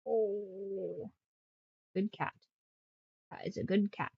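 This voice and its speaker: A woman's voice: mid-range voice, steady tone, drawn-out words, vocal fry, husky, no echo. A young woman streaming from home, chatting casually and rambling in baby talk to her pets. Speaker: streamer and author. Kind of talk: casual livestream chat. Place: room at home. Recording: slightly dull lo-fi stream audio.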